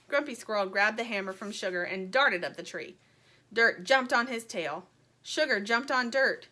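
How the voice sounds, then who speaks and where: A woman reading a children's chapter book aloud in an expressive, friendly storytelling manner. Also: a little high, moderate pace.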